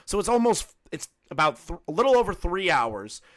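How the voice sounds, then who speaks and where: Mocking male commentary host, a bit high-pitched, animated delivery. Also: normal speed. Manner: sarcastic, laughing, animated, swearing. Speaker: commentary youtuber. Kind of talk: mocking commentary over a played call.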